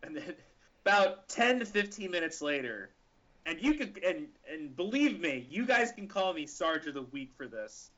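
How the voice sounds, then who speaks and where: Lively bright-voiced man telling a story. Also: a little high, moderate pace. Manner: animated, acts out the dialogue in his story. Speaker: podcast co-host telling a story. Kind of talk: casual storytelling chat. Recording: lo-fi podcast audio.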